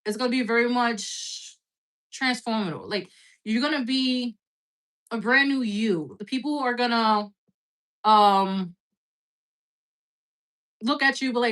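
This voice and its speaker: A woman with a high-ish, slightly bright voice reads tarot on a casual live stream at a measured pace, leaving long pauses. Between hiccups she talks bluntly and chattily, swearing freely and saying "like" a lot.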